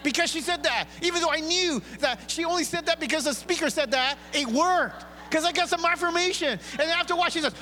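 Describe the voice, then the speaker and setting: Animated high-voiced pastor preaching. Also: male voice, quick pace, few pauses. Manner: animated, acts out congregation voices with big pitch swings. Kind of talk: sermon. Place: large church hall. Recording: live church hall reverb, faint hum.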